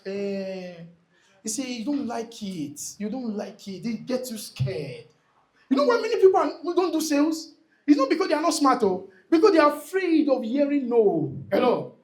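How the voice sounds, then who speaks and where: Man, motivational speaker, emphatic, repetitive, calls out to the audience, quite high voice. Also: very animated, moderate pace. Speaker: motivational speaker at a real estate event. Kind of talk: motivational talk to a live audience. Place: event hall before an audience.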